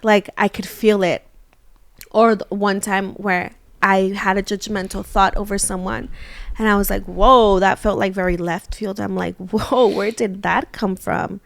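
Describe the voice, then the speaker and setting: A woman in her thirties, co-hosting a casual chat, animated as she acts out her own thoughts. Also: mid-range voice, moderate pace, gravelly, no echo. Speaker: co-host.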